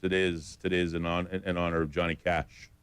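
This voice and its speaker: A man co-hosting a radio show talks in a low voice with a smooth, resonant tone. His banter is easygoing and he reads out the studio time and number between remarks. The sound is dry and close-up. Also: flat delivery, fast talker, no echo. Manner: chatty, gives studio time and phone number. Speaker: radio co-host.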